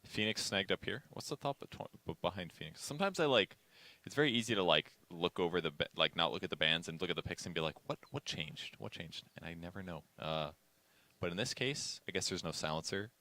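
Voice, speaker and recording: A man's voice: low-pitched, fast, bright, forceful tone. A man casting a video game match in a laid-back, rambling way, thinking aloud about the picks. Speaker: esports caster. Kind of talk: casual game commentary.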